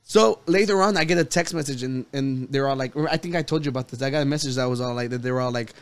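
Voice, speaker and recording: A man's voice: mid-range voice, fast, smooth, no echo. A man hosting a podcast, telling a story in casual chat, rambling and laughing often. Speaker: podcast host.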